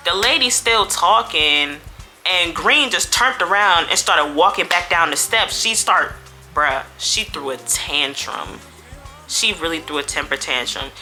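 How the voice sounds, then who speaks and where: A woman vlogger telling a storytime in a chatty, slangy, animated way. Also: on the low side, measured pace, soft background music. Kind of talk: casual storytime.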